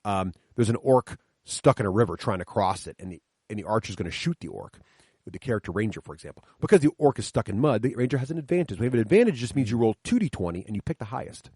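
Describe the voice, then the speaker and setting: A man's voice: lowish voice, big pitch swings, fast talker, dark tone, breathy edge, no room sound, studio quality. A middle-aged man, a podcast guest, telling stories from his kids' tabletop games with enthusiasm, explaining the rules step by step. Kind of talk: animated storytelling chat. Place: coffee shop, sit-down chat.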